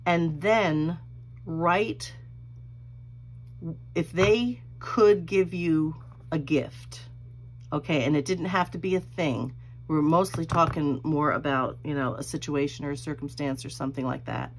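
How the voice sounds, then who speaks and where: A woman's voice: low-pitched, unhurried, a little hiss or hum. A middle-aged woman hosting a crafting video, telling a rambling personal story while she works, laughing often. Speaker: crafting channel host.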